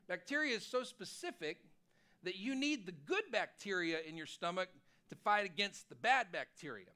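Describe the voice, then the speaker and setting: A man preaching a sermon as pastor, telling a personal story in an animated, self-deprecating way. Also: high voice, normal speed. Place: church sanctuary.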